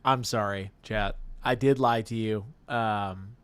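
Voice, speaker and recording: A man co-hosting a live stream, reading chat aloud in animated, teasing banter full of exclamations. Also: fairly low pitch, slow pace, clear, resonant tone. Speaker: livestream co-host reading chat.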